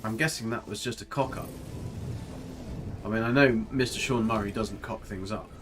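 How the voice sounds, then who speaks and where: A man's voice: on the low side, moderate pace. A man chatting casually while streaming a game, joking, rambling and answering his chat as he plays. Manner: chatty, jokey, rambling, reads chat aloud. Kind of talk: casual live-stream commentary. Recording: faint music behind.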